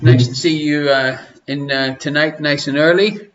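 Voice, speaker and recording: A man's voice: on the high side, steady tone, moderate pace, fairly bright tone. An Irish man hosting an online quiz show from his living room, chatting and teasing viewers as he greets them by name. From Ireland. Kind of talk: casual live-stream chat. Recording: lo-fi home stream audio.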